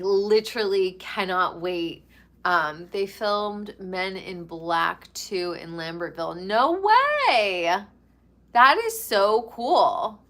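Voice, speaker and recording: A woman from New York gossiping in a casual, chatty way. She talks slowly and lingers on words for emphasis, with a pitch in the middle range. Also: a bit bright. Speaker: pop culture commentator. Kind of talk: casual chat.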